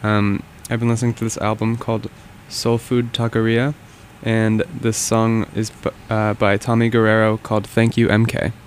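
A man's voice: lowish voice, monotone, moderate pace, few pauses, slight background noise. A man co-hosting a casual music show, laid-back and jokey. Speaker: co-host. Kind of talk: casual chat.

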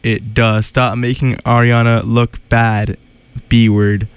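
A man's voice: medium pitch, little pitch movement, takes it slowly, clear, resonant tone, no echo. A man hosting a radio show, chatting casually and animatedly, laughing and sounding incredulous. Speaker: radio host.

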